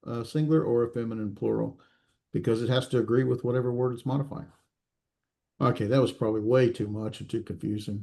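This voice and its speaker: A man teaching a recorded class, explaining slowly with many fillers and restarts and checking in with his students. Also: mid-range voice, warm tone. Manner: checks in with students, self-correcting. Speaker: instructor.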